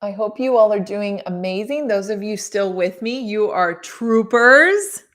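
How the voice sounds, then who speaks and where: Slow, gushing woman reading live. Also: mid-range voice, expressive. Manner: warm, gushing, chats with viewers between passages. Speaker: author reading her book on a live stream. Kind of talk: live-streamed book reading with chat.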